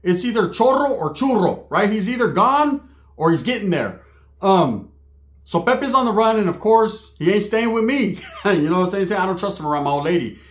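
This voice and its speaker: Man, slightly high voice, crude comic storyteller, roomy echo. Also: lively intonation, moderate pace. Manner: slangy, crude, laughing asides. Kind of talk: comedic storytelling.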